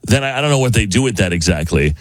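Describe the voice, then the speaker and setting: A man's voice: fairly low pitch, animated, quick pace, no room sound. Chatty man hosting a radio show. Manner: rambling, chatty, with many fillers and restarts. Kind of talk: casual radio chat.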